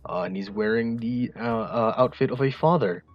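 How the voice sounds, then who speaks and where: Man, game master, very deep voice, husky, halting narration, dull lo-fi sound. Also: soft background music. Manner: hesitant, filler-heavy narration.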